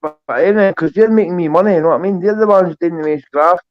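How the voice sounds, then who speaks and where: A man's voice: sits high, fast talker, no echo, muffled recording. A man arguing in casual banter as a guest on a livestream call, swearing often.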